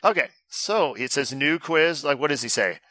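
A man's voice: medium pitch, expressive, moderate pace, sharp tone, dry recording. A man co-hosting a casual podcast, loose and joking, swearing freely. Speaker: podcast co-host. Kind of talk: casual chat.

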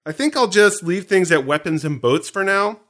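Bright-voiced male co-host, playful movie-trivia banter. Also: high voice, normal speed. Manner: joking, animated, teasing. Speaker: podcast co-host. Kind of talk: casual movie commentary chat.

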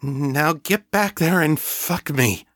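A man voicing a playful, teasing young woman in an audiobook story, raised above his usual pitch. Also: takes it slowly, a bit bright, no room sound, clean studio sound.

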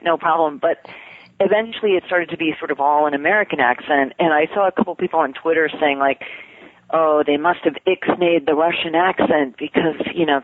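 A voice actress appears as a guest on an interview show, chatting casually in a podcast-style conversation full of laughter and self-deprecating jokes. Her voice sits low, and the dry, tinny phone line carries no room sound.

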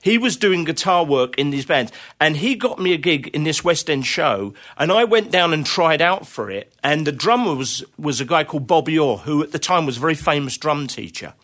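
A man's voice: fairly high pitch, lively intonation, normal speed, few pauses, a bit bright. Chatty man spinning rambling anecdotes. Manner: rambling anecdotes with many fillers and laughter. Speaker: interview guest, drummer. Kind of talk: casual conversational storytelling.

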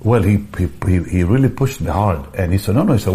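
An older man telling a personal story in an interview, animated, often repeating words, restarting phrases and chuckling. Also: deep voice, fairly quick, hardly any pauses, slight background noise. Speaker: evangelist guest telling a story.

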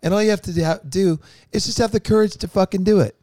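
A man's voice: high-pitched, fairly even intonation, quick pace, mellow, no echo, studio quality. A man in a touring band chatting casually, joking and swearing, rambling with many restarts. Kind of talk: casual backstage chat.

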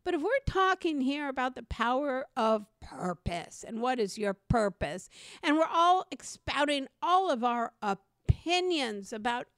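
A woman with a fairly high voice tells a personal story on a podcast, animated and chatty. She slips into the voices of the people in her story as she goes. The sound is close and dry, with no room around it. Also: measured pace, no room sound. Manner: animated, acts out quoted voices. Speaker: podcast co-host. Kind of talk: conversational storytelling.

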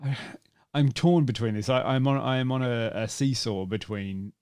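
A man's voice: medium pitch, moderate pace, darkish tone, clear, resonant tone. A man co-hosting a casual movie podcast, rambling, with many restarts and fillers and some swearing. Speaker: podcast co-host.

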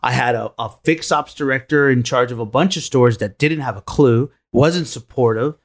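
A man's voice: mid-range voice, normal speed. A man co-hosting a podcast, telling a career story in casual chat, acting out quoted dialogue and tagging lines with "right?". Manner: animated, acts out quoted dialogue, frequent "right?" tags. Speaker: podcast co-host.

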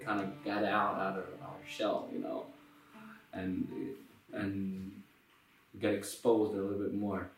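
A man from Israel with a Yemenite Israeli accent, talking as an interview guest in a halting way, with many restarts. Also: on the low side, echoey room, recorded from a distance, poor audio. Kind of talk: casual interview.

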